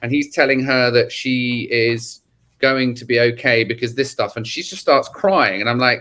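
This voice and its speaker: A man's voice: mid-range voice, moderate pace. A man with children, a podcast guest, telling a story in casual chat with lots of swearing and acted-out quotes. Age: adult, has children. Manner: animated, swearing, acts out quotes.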